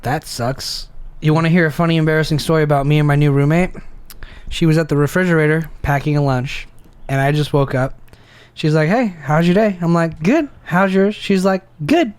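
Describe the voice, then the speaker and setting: Young guy, podcast co-host, slightly high voice, rambling and jokey; dry close-mic sound. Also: steady tone, fairly quick, clean tone, no room sound. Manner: rambling, laughs often, jumps up high when mimicking people. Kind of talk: casual chat over beers.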